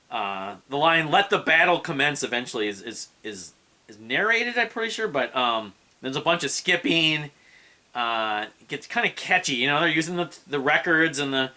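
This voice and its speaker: A man's voice: mid-range voice, pushed and bright. A man casually reviewing an album, rambling and hesitant with many fillers and restarts. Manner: hums and scats melodies.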